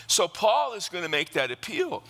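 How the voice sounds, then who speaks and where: A male pastor preaching an emphatic sermon, building to excited, fast passages. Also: high voice, in a large hall.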